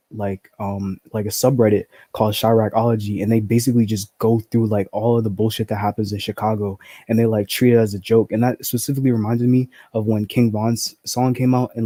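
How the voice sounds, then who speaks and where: A man's voice: lowish voice, warm tone, no echo. A young man in casual group discussion, blunt and profane, peppering his talk with "like". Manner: blunt, profane, heavy use of "like" fillers.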